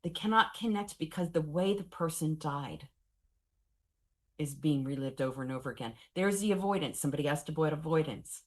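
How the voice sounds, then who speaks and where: A woman in her forties giving a professional training lecture on trauma and grief, candid and animated, with wry humor. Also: sits low, a little fast. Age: 40s.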